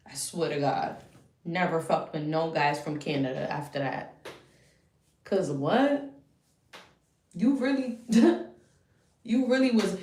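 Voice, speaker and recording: A young woman tells her story as a heated, profane rant. She flares into loud bursts, then drops to low muttering. Her voice rings around a roomy, echoey space. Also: takes it slowly, pauses often.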